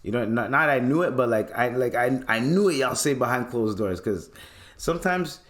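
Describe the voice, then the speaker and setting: A man's voice: mid-range voice, moderate pace. A man hosting a podcast, ranting casually and animatedly with plenty of swearing and laughter. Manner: animated, profane, often laughing. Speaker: podcast host. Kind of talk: casual comedic rant.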